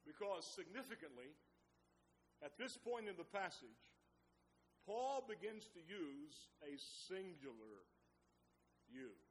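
A man preaching a sermon as pastor, reading scripture and stressing words with deliberate emphasis. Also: a little high, very animated, a little hiss or hum. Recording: reverberant hall sound.

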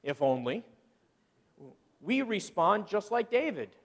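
A middle-aged man preaching a sermon as pastor, animated and acting out people's excuses in quoted voices. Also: sits high, takes it slowly, big-room sound.

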